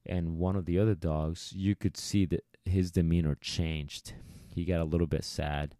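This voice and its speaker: A man's voice: sits low, steady tone, normal speed, warm tone, no echo, studio quality. A man, a dog trainer, talking casually to listeners and acting out quoted voices as he gives advice. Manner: chatty, coaching, acts out quoted voices. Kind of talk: casual podcast monologue.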